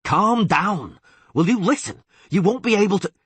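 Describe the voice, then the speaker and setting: A tough monster hunter, voiced by a man, roars in forceful, urgent shouts. The voice is raised and pitched above the narrator's own, with a husky edge. The audiobook recording is dry. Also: expressive, moderate pace, dry recording, full character voice. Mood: urgent shouting. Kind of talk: audiobook character voice.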